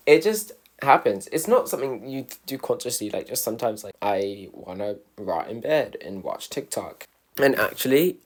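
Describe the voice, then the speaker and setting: A young man, a student, rambling casually to camera as a vlogger in a self-deprecating way, often restarting his sentences. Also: mid-range voice. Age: young adult, a student.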